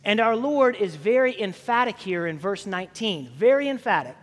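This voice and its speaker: A man preaching a sermon as pastor, telling stories in a relaxed, conversational way with frequent fillers and restarts. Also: high-pitched, normal speed, hardly any pauses, big-room sound.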